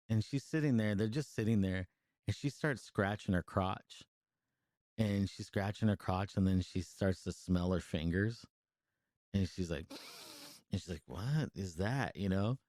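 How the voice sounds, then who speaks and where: A man with a somewhat low voice talks through a film's plot in loose, cursing podcast chat. He trips over restarts and "like"s as he goes. The sound is dry and close, with no room around it. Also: a little mellow, no room sound. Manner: rambling and profane, full of fillers and restarts, laughs while telling. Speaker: podcast co-host reviewing a movie. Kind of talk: casual chat, retelling a film.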